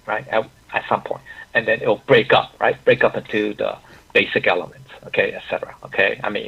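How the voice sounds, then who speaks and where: A man teaching an online class, his voice very husky with a gravelly fry. He talks haltingly, restarting phrases and checking in with the listeners. The audio sounds dull and lo-fi. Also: on the low side. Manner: halting, with frequent restarts and "okay, right?" check-ins.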